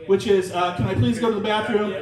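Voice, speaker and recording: A man doing a stand-up set with a wry, self-deprecating delivery and filler pauses, into a handheld mic. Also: high-pitched, fairly even intonation, a little mellow. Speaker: stand-up comedian. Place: small comedy room in a comic shop. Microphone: handheld mic, recorded from the room. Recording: roomy, distant audience recording. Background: audience laughter.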